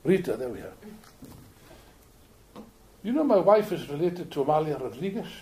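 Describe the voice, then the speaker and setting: Lively high-pitched Welsh man speechifying. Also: moderate pace. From Wales. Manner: animated, jokey, repeats words while building points. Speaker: political speaker. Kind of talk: public speech to an audience. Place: meeting room with an audience.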